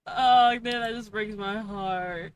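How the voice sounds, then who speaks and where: This woman has a mid-range, clear, resonant voice and speaks slowly. She's a VTuber streaming a game and casually chatting with viewers, full of swearing and laughter as she addresses chat.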